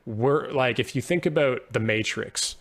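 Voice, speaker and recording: A man's voice: medium pitch, a little slow, fairly bright tone. Male podcast guest, mid voice, earnest and searching, casual conversational delivery. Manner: earnest and searching, thinks aloud with frequent restarts. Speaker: podcast guest, poet and musician. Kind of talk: conversational interview.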